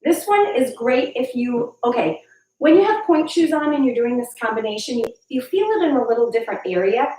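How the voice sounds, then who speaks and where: Ballet teacher in an echoey studio. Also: female voice, a little high, expressive, brisk, darkish tone. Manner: chatty, encouraging, counts and calls steps aloud. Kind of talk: live online dance class instruction. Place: dance studio, large room. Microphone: far camera mic. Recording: echoey room, far from the mic. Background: piano class music playing.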